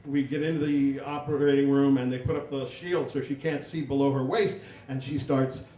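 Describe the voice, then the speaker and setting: A man's voice: medium pitch, fairly even intonation, moderate pace, few pauses, dark tone. A man telling a comic personal story on stage at a live story slam, with wry, self-mocking humor. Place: stage in a hall, live audience. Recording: roomy hall, mic from far off.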